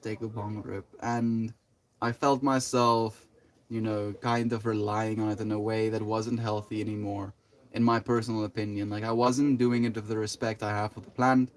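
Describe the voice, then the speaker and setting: A man's voice: lowish voice, level tone, moderate pace. A young man chatting casually on a livestream, greeting chat by name and rambling loosely with many fillers and "dude" and "bro". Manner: rambling, laid-back, full of "like", "you know" and "dude".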